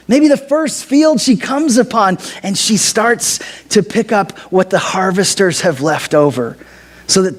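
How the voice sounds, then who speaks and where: A man preaching a sermon as pastor, conversational and dramatic, acting out the figures' words with some humor. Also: high voice.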